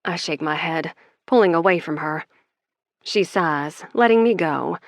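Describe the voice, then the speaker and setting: A woman's voice: low voice, measured pace, dry recording. Woman narrating a first-person romance. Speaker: audiobook narrator.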